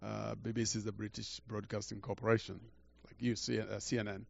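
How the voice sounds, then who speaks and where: An older man preaches through a story with a gravelly voice. He halts, repeats words and swings from quiet to loud. The recording sounds dull and lo-fi. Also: fairly low pitch, flat delivery, fairly quick. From Uganda. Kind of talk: storytelling sermon.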